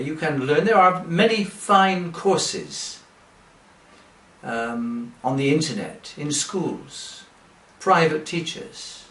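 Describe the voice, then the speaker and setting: Slow-spoken man, roomy distant sound. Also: fairly high pitch, fairly bright tone. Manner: slow, deliberate, with rhetorical questions. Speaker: English teacher. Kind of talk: direct-to-camera sales pitch. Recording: roomy, from away from the mic.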